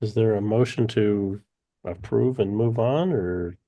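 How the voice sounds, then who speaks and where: Gravelly-voiced meeting chair. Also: male voice, fairly low pitch, dark tone. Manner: brisk, procedural. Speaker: commission chair.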